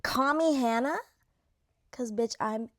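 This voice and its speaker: With her voice fading and a bit worn, the young woman vlogs about her ranking of a reality show's cast, taking her time in a slightly high register. Her casual chatter is effusive, heavy on "like," and sprinkled with swear words.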